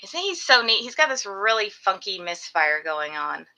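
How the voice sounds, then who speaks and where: A woman's voice: mid-range voice, sing-song, moderate pace, sharp tone, low-quality recording. A woman hosting a casual live stream from home, gushing over her pets and slipping into baby talk with them. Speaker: reptile breeder hosting a live sales stream.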